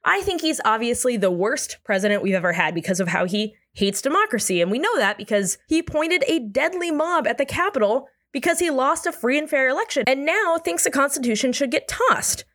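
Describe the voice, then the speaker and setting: A young adult woman hosting comedic news commentary, sarcastic and exasperated, with animated asides. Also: high voice, fairly quick, hardly any pauses.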